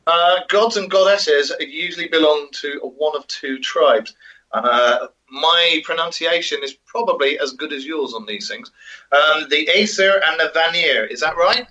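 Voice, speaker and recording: Bright-voiced man, muffled lo-fi audio. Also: a little high, unhurried. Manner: hesitant, many ums, jokey asides. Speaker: co-host. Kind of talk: casual podcast chat, reading out notes.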